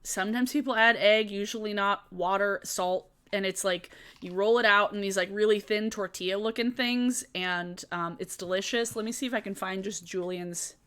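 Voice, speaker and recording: A woman's voice: medium pitch, fairly even intonation, normal speed, hardly any pauses, a bit bright, clear, resonant tone. A young woman hosting a casual live-stream Q&A, chatty and laughing often, swearing casually as she answers chat questions.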